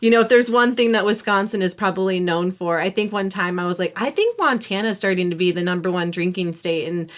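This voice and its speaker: A woman's voice: mid-range voice, fairly quick, hardly any pauses. Chatty woman hosting a podcast. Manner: chatty, laughing, storytelling. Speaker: podcast host. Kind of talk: casual podcast interview chat.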